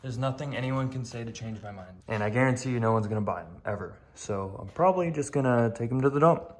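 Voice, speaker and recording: A young man talks through his car project in a loose, blunt vlog manner. He swears freely and pokes fun at himself. His voice sits at an everyday middle pitch. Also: quick pace. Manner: blunt, swearing, self-deprecating. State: out of breath. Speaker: car vlogger. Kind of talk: casual vlog. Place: home garage.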